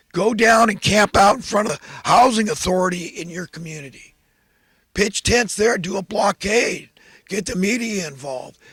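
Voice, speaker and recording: A man's voice: high-pitched, bright, forceful tone, breathy edge, no room sound. A man giving a rambling, fervent, preachy monologue as host. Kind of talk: impassioned political monologue.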